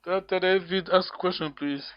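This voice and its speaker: A man's voice: high voice, fairly even intonation, moderate pace, no room sound, dull audio. A man teaching an online language lesson, patiently repeating phrases for his students to copy.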